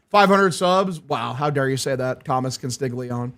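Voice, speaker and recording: A young man streaming a game watch-along, calling the plays and excitedly thanking his chat, swearing freely. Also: mid-range voice, normal speed. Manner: hyped, profane, thanking chat. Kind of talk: live watch-along play-by-play.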